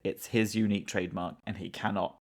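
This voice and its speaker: A man's voice: lowish voice, little pitch movement, brisk. A man co-hosting a podcast in casual chat, blunt and opinionated, swearing for emphasis. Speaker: podcast co-host.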